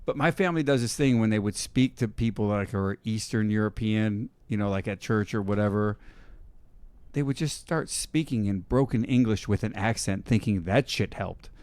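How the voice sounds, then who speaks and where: A man co-hosting a casual podcast, telling stories in an animated way, swearing often and laughing as he talks. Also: on the low side, moderate pace, clear, resonant tone, no echo. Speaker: podcast co-host. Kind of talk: casual profane chat.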